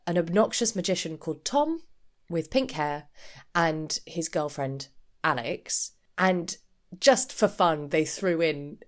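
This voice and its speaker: A woman co-hosting a podcast, chatting casually and acting out the people she quotes. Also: on the low side. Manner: animated storyteller who acts out quoted people. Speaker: podcast co-host. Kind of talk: casual chat.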